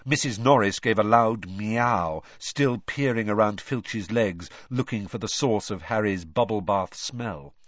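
A man narrating an audiobook in an expressive storytelling read. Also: on the low side, unhurried, hardly any pauses, no room sound. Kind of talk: scripted narration. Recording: dry, slightly dull recording.

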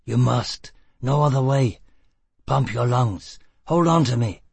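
A man voicing a tough, blunt, determined man who talks in gruff, clipped bursts. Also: medium pitch, slow pace, darkish tone, no room sound, heavily acted. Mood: urgent. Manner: gruff, clipped and rough-spoken.

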